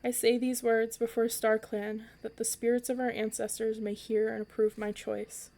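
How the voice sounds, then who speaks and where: A woman reading aloud as a weary older female cat who leads a clan, speaking in a solemn, rasping way, with little change in her tone. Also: fairly high pitch, flat delivery, moderate pace, mellow. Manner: solemn, formal.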